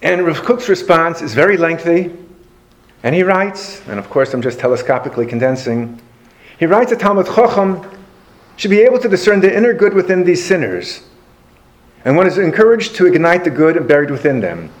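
A man giving a storytelling lecture on Jewish history to a live audience, animated and anecdotal with dry humor. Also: a little high, moderate pace.

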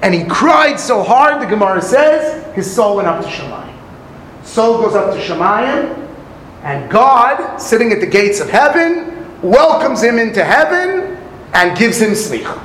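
A man's voice: high voice, very animated, a little slow, a bit bright, reverberant, a little hiss or hum, rough recording. A man giving a sermon on a Talmud story, telling it dramatically with acted quotes and Hebrew phrases. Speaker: rabbi teaching Talmud.

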